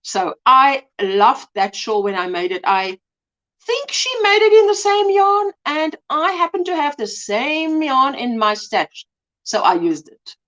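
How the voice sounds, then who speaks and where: A woman's voice: high-pitched, unhurried, a bit bright. Woman, older, livestream host, affectionate, reads out comments, dull lo-fi sound. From South Africa. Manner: affectionate, calls viewers sweetheart and darling. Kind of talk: casual chat reading out viewer comments.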